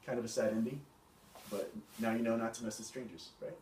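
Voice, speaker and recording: A man's voice: fairly low pitch, fairly even intonation, brisk, a little mellow. A young man casually telling a fairy tale aloud as a student storyteller, in a loose conversational way. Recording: echoey room, mic far off, faint hiss.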